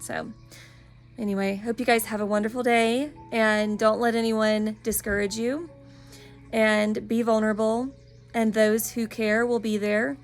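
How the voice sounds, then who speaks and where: Gravelly earnest woman in her thirties. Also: fairly high pitch, level tone, measured pace, soft background music. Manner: earnest, encouraging, openly personal. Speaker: spiritual wellness practitioner. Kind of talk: casual vlog monologue.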